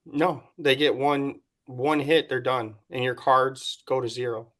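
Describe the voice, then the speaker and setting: A man co-hosting a podcast, laid-back and quick to laugh, keeping the chat going with questions. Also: medium pitch, little pitch movement, a bit bright. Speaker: podcast co-host. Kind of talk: casual chat.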